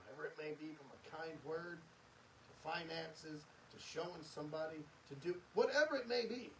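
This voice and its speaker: Earnest preachy man, high voice. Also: normal speed, far from the mic, background noise. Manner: earnest and preachy, emphatic repetition. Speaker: podcast host. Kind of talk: motivational monologue.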